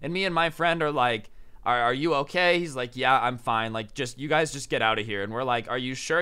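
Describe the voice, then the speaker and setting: Bright, animated young man telling a story. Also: fairly high pitch, brisk, clear, resonant tone. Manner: animated, shouts out quoted lines, says "like" a lot. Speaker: storytime vlogger. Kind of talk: casual storytelling.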